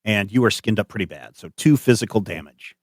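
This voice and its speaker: A man narrating as game master of a tabletop game, animated and hesitant with many fillers. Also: on the low side, fairly quick, no room sound, studio quality.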